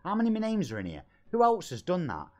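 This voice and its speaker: A man's voice: sits high, huge pitch swings, fast, a little mellow. A man in his forties with a Nottingham accent, chatting on a live game stream, reading viewers' messages aloud, joking, laughing often and calling everyone mate. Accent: Nottingham English. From England. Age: 40s.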